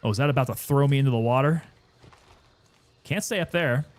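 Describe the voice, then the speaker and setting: A man casually commenting while he plays a game and chats with viewers, relaxed and sometimes winded. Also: mid-range voice, a little fast. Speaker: gaming streamer.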